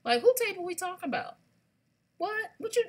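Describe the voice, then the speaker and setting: A woman, hosting a casual live shopping stream, sassy and animated, talking straight to her viewers. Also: extremely high pitch, fairly quick. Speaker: livestream shopping host.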